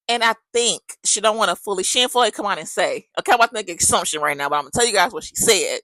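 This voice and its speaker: A woman's voice: mid-range voice, animated, quick pace, few pauses, bright, forceful tone, no room sound, low-quality recording. A woman podcast host, telling a friend's story in casual chat and acting out both sides of the conversation.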